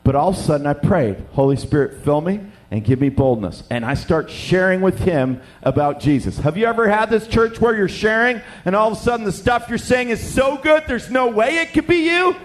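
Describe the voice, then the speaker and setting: Middle-aged male pastor from Canada, higher voice, jokey, animated storyteller. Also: brisk, hardly any pauses. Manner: animated, jokey, acts out dialogue. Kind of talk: sermon storytelling.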